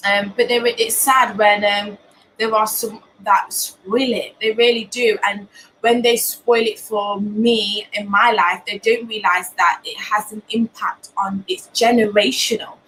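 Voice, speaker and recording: A young woman from Britain, hosting a live show from home and talking candidly with many pauses and restarts. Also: mid-range voice, fairly even intonation, a bit bright, slight background noise, low-quality recording. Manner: earnest, many ums and restarts. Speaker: host of a live talk show. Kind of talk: candid personal talk.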